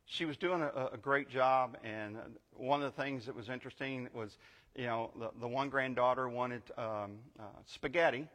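A man's voice: medium pitch, moderate pace, fairly bright tone, long reverb tail. An older man giving a sermon as guest pastor, telling a story conversationally and building to emphatic preaching. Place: church sanctuary.

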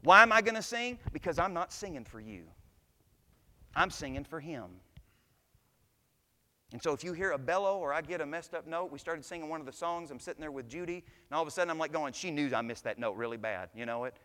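A man preaching a sermon to his church, telling stories and building to loud, impassioned climaxes. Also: on the high side, a little fast, big-room sound. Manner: preaching, swells to shouts at climaxes. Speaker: pastor. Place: church sanctuary.

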